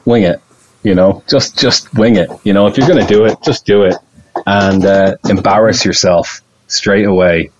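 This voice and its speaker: Rambling, excitable male podcast guest with a low voice; recorded on dull, lo-fi audio. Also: moderate pace. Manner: excitable, rambling, laughs often. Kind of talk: casual podcast chat.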